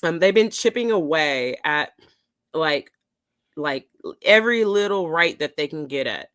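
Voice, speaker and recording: A woman's voice: sits low, expressive, a little slow, a bit bright, dry recording. Profane, ranting woman podcast host, sick. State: sick, coughing. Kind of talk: casual podcast chat.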